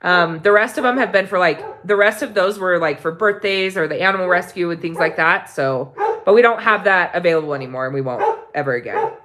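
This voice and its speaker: A woman vlogger living in Mexico, chatting casually and warmly to her viewers, rambling with many ums and restarts. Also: lowish voice, brisk, slight background noise. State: tearful near the end. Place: home in Mexico.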